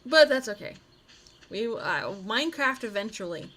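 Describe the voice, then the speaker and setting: Bright-voiced chatty young woman streamer. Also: fairly high pitch, sing-song, normal speed. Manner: chatty and giggly, rambling with silly asides. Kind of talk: casual live-stream chat while gaming.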